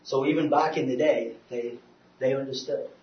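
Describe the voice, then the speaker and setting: A man delivers a sermon, halting and repeating himself, rising to loud urging and dropping to near quiet. His voice sits at an ordinary pitch and comes from some distance. The hall is roomy, with a dull, muffled recording quality. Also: fairly even intonation. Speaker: speaker on depression, preacher. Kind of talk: sermon with personal testimony.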